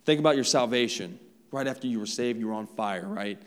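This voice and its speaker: A man's voice: medium pitch, a little fast. A man preaching a sermon in a conversational style, speaking directly to his congregation. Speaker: pastor. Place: church sanctuary. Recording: long reverb of a church hall.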